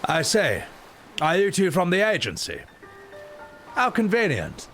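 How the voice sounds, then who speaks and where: A man voicing a frail dying old man in a video game playthrough, with soft, hesitant, old-fashioned politeness. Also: high-pitched, huge pitch swings, measured pace, pitched above the performer's own voice, exaggerated voice. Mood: courteous. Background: game music.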